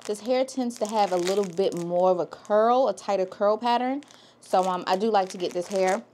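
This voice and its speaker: A woman's voice: medium pitch, normal speed, dark tone, slight background noise. Chatty woman loctician talking to viewers. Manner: chatty, talks straight to viewers with "okay?" tags. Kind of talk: casual hair tutorial vlog.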